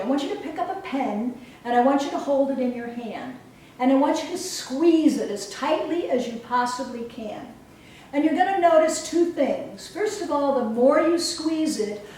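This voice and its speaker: A woman coach giving a motivational talk and leading a guided exercise with slow, emphatic, soothing instructions. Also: high voice, a little mellow. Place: event hall. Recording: roomy echo from far off, faint noise.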